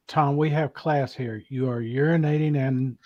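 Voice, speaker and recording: A man's voice: mid-range voice, steady tone, normal speed, dull audio, crowd noise. A man joining a casual chat over a video call, helpful and joking. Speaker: guest.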